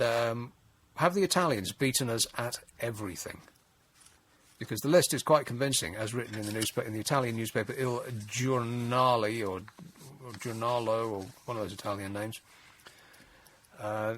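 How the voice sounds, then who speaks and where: A man's voice: medium pitch, fairly bright tone, a little hiss or hum. A man hosting a late-night radio phone-in, wry and exasperated, rambling with frequent restarts. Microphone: studio mic.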